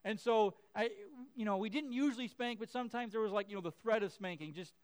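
High, clear-voiced male pastor. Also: quick pace, a little mellow. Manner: conversational, many fillers and restarts; acts out his kids' and his own voices in quotes. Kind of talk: sermon.

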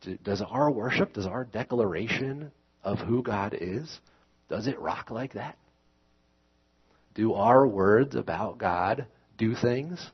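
A man's voice: on the low side, slow, breathy edge, muffled recording. A man preaching a sermon in a conversational, self-correcting way, rising into emphatic scripture reading. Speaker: pastor.

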